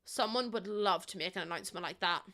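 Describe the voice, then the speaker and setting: A woman's voice: fairly low pitch, fast, sharp tone. A young adult woman, chatting heatedly to her live chat while she builds in a game. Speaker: live streamer.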